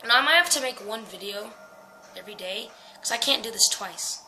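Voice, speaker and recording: A woman's voice: medium pitch, animated, a little fast, sharp tone, a little hiss or hum, low-quality recording. A woman giving jumpy, swear-laden commentary while playing a horror game. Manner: jumpy, swearing, talks to herself. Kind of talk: let's-play commentary.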